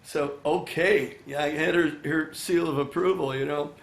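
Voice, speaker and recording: An older man in a casual interview, sounding a touch higher than most men. He talks in a chatty, animated way, acting out snippets of dialogue. His voice carries the roomy echo of his studio. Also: moderate pace, vocal fry. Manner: chatty, animated, acts out quoted dialogue, many "you know" fillers. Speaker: songwriter and musician, interview guest.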